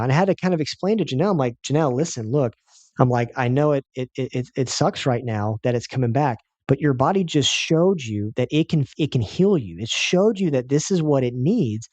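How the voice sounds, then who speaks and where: A man's voice: mid-range voice, fairly quick, darkish tone, no room sound. A man giving a health seminar as a chiropractor, telling a patient's story with emphatic, repetitive phrasing.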